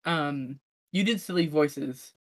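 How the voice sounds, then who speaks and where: A woman in a playful casual chat with friends, animated and full of "like". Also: low voice, takes it slowly, dry recording.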